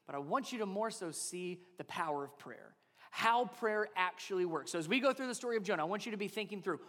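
A man's voice: high voice, lively intonation, fast talker, fairly bright tone, big-room sound. A man in his thirties preaching a sermon as a pastor, talking conversationally and asking his listeners rhetorical questions.

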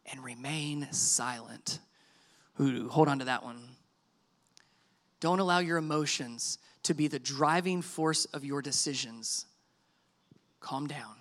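A middle-aged man preaching a sermon, conversational and animated, acting out quoted dialogue. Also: on the high side. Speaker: pastor.

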